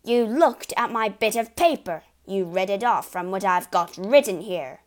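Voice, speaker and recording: Woman doing a loud blustering father. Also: medium pitch, expressive, unhurried, natural voice. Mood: angry shouting. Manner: loud, bullying, shouting. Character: blustering boastful middle-aged father.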